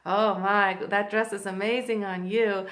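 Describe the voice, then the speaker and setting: A woman quoting friendly men at an airport who flirt and flatter her, in a cheerful voice. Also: high voice, slow, voice pushed up, heavily acted.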